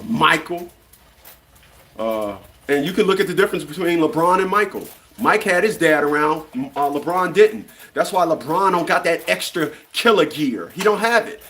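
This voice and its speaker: A man's voice: a little high, a bit bright. A man in his fifties delivering a blunt, profane opinion rant, often stumbling and repeating words as he restarts. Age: 50s. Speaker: commentary channel host.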